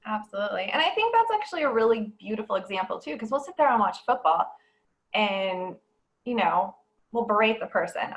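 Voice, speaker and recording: A woman speaking as a guest in a casual podcast conversation, bubbly and quick to laugh. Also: medium pitch, sing-song, poor audio.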